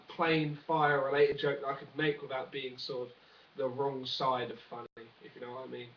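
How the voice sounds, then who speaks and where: A young man rambling through a jokey, one-take comic news rant, full of fillers and asides. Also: a little high. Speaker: vlogger. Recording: dull, roomy, from a distance.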